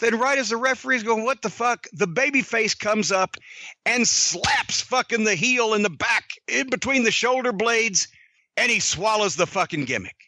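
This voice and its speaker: A man hosting a podcast and telling a story in a profane, animated way. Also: very high-pitched, dry recording. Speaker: podcast host.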